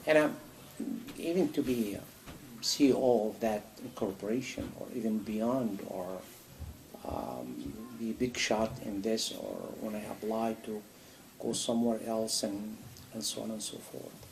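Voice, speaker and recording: A man giving a sermon in a mosque, animated and full of rhetorical questions. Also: lowish voice, measured pace, slight background noise, low-quality recording. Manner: animated, acts out a dialogue with God, rhetorical questions. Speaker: imam answering a question. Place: mosque hall.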